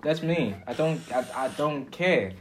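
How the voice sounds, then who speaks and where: A man's voice: on the high side, animated, a little slow. Earnest young man, faint noise behind. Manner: earnest, repeats himself while searching for words. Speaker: podcast co-host. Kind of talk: casual chat.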